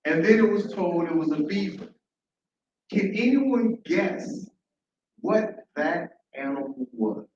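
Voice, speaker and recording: A man telling an animated story live to an audience, repeating phrases and asking the crowd questions. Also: high voice, takes it slowly, slight background noise. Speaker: storyteller at an open mic. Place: large room at a library event. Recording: echoey, dull, from far off.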